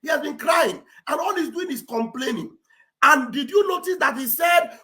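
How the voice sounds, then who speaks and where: A woman hosting a live stream, mocking her subject with sarcastic shouting and mock wailing. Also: sits high, sing-song, brisk. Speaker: online show host. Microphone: live-stream setup.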